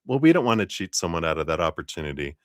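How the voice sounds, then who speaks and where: A man's voice: sits low, big pitch swings, racing, no echo, studio quality. A man hosting a live-stream tarot reading, chatty and laughing often as he talks to viewers by name. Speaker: tarot reader.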